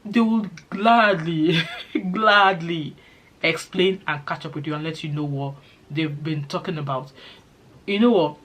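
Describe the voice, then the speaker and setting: A middle-aged woman with a Nigerian accent talks straight to her vlog audience. She is chatty and reassuring, and drops into pidgin phrases now and then. Her delivery is relaxed and conversational. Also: low voice, normal speed. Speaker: vlogger. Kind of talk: casual vlog chat.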